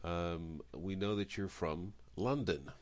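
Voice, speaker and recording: Middle-aged male host, deep low voice, chatty and rambling. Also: slow pace. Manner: chatty, rambling, self-correcting. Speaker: radio show host. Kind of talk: interview.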